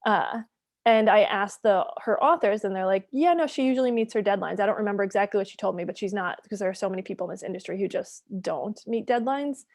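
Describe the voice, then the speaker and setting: A woman in her thirties, a guest author telling a story in a casual podcast chat, animated and full of "like". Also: mid-range voice, fast, no echo. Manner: animated storytelling, says "like" a lot.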